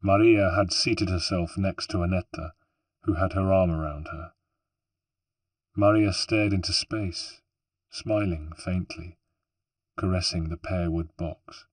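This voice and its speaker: Brief: male audiobook narrator, very deep and husky, steady storytelling, dry close sound. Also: slow pace, no room sound. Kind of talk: scripted narration.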